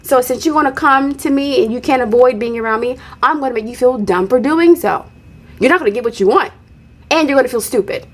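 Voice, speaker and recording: A woman hosting her own channel, giving blunt, animated commentary on a reality show, with sudden sharp high exclamations. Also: fairly quick.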